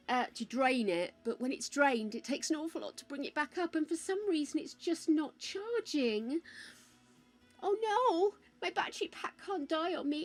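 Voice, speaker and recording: High, lively woman streamer. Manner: chatty and gushing, calling viewers pet names. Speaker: live streamer. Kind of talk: casual live-stream chat while gaming.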